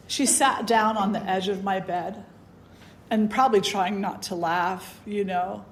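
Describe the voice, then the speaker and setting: A woman spiritual teacher telling a personal story in a conversational, animated way, full of "you know"s. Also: mid-range voice, measured pace, a little hiss or hum. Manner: conversational, animated, many fillers. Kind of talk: storytelling talk.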